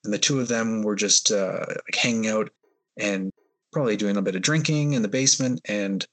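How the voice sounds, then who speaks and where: A man's voice: fairly low pitch, normal speed. A man, a guest on a podcast, tells a personal story in a hesitant, rambling way with many fillers. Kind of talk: storytelling in an interview.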